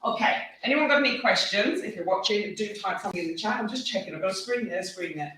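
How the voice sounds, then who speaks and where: A woman's voice: mid-range voice, animated, quick pace, a bit bright. A woman from the UK teaching a live online dance class, chatty and upbeat, counting steps aloud. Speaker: dance instructor. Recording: echoey room, voice from far off.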